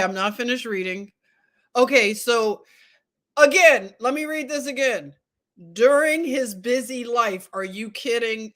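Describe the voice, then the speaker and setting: A woman reads aloud from an old book at an unhurried, deliberate pace. She hosts a casual book discussion and breaks off from the text to joke with her viewers. Her voice sits on the high side. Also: fairly bright tone. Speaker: host.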